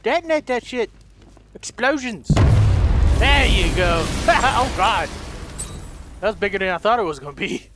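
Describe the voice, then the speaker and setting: A man commentating a let's play in a loud, excitable way, shouting and swearing at the game. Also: sits high, normal speed, long pauses. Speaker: gamer. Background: game music.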